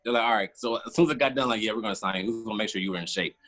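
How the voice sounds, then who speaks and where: A man's voice: fairly low pitch, very fast, a bit bright. A man, casually telling a long story as a podcast guest and acting out his own past reactions. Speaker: former football player, guest.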